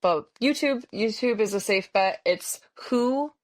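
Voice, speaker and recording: A woman's voice: a little high, expressive, unhurried, a little hiss or hum. An American woman hosting a podcast, chatting casually with lots of fillers like um and like. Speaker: podcast host. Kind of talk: casual conversation.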